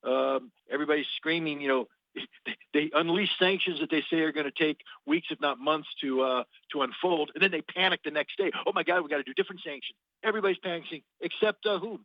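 A man's voice: a little high, brisk, dry recording. Blunt male radio guest, sardonic, stumbling repeats, dry close mic, muffled lo-fi sound. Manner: blunt and sardonic, repeats words while finding them. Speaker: guest analyst. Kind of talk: radio interview commentary.

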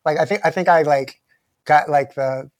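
A man in his forties, a guest author in a casual interview, talking with many fillers and restarts and growing animated as he makes his points. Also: a little high, normal speed, dry recording, clean studio sound. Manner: fluent but filler-heavy, frequent "like" and restarts; grows animated and intense when making a point.

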